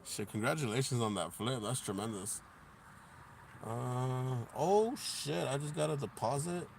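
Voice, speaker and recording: A man chatting casually on a live stream, laid-back and profane, reading viewer comments aloud and laughing loudly. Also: mid-range voice, unhurried, creaky, a little hiss or hum.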